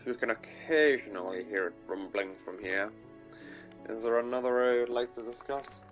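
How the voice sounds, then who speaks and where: A pompous, gossipy small-town mayor in a put-on American accent, as a man puts him on, pitched a little higher and louder than his own voice. He talks in a measured storytelling way, with faint music behind him. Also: natural voice, low-quality recording.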